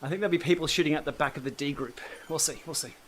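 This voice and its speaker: An Australian man hosts a relaxed cycling livestream, chatting and replying to viewer comments as he rides an indoor trainer. His voice sits on the high side and moves at a racing pace, with a slight hiss or hum in the background.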